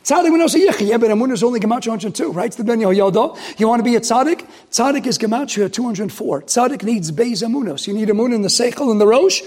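A man, a rabbi, giving a sermon, swinging from loud outrage to hushed emphasis. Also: very high voice, fast, few pauses.

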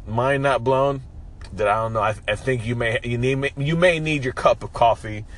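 A man's voice: mid-range voice, normal speed. A man hosting his own podcast, with a froggy morning voice, giving a joking, profane morning pep talk. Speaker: podcast host.

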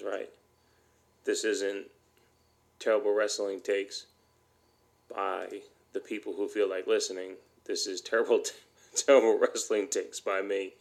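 A man's voice: low voice, gravelly. A man hosting a solo podcast, ranting bluntly and heatedly, swearing often. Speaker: podcast host.

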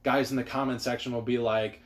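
A man's voice: mid-range voice, level tone, a little fast. A young man co-hosting a podcast in crude casual chat, rambling and swearing, with lots of likes. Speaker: podcast co-host.

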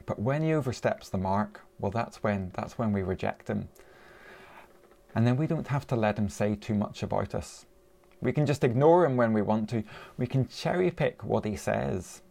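A man's voice: lowish voice, animated, normal speed, vocal fry, a little mellow. A man preaching a sermon in a conversational way, asking his listeners rhetorical questions.

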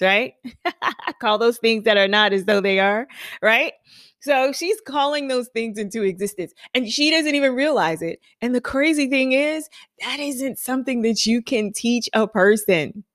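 A woman's voice: medium pitch, a bit bright, no room sound, studio quality. A woman hosting a podcast who gives an emphatic motivational monologue, repeating affirmations and telling stories. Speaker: podcast host.

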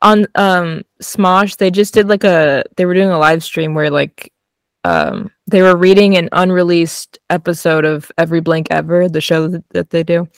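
A woman's voice: lowish voice, moderate pace, dry recording, studio quality. A woman co-hosting a podcast in casual chat, rambling with many ums and likes. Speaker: podcast co-host.

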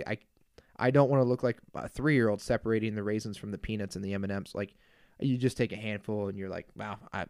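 Animated man ranting on a podcast. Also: mid-range voice, no echo, clean studio sound. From Kansas. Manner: animated, exasperated ranting with frequent asides. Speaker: podcast host. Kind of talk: casual solo podcast rant.

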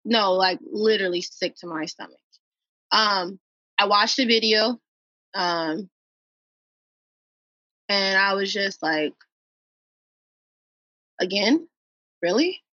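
Bright-voiced earnest woman guest. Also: mid-range voice, slow pace, pauses often, no room sound. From Minnesota. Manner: earnest, repeats phrases for emphasis. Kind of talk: emotional personal account. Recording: dull, dry podcast audio.

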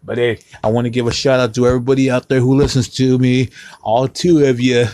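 A man talks at a middle pitch, rambling through his podcast in a loose, profane, joking way. The sound is dry and close, with no room echo. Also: level tone, brisk, darkish tone. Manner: profane, rambling, joking, drinking beer on mic. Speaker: podcast host. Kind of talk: casual rambling monologue.

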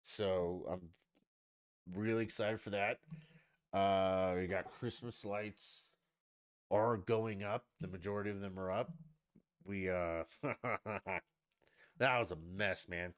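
A man's voice: low voice, fairly even intonation, slow, pauses often, clear, resonant tone. A man hosting a casual solo podcast from the United States, ranting bluntly and swearing freely. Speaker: podcast host.

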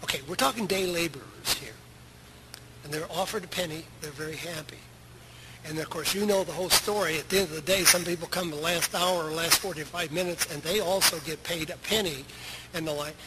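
A middle-aged man preaching a sermon as pastor of a church, talking conversationally and asking his listeners many questions. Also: fairly high pitch. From United States. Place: church sanctuary. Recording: loud background noise.

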